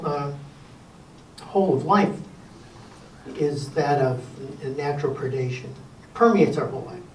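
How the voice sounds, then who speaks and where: An older man presenting a Sabbath school lesson in a relaxed lecture style, folksy and wry with gentle humor. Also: on the high side, distant mic, slight background noise. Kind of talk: casual lecture to a class. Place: church classroom. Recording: echoey room recorded from afar.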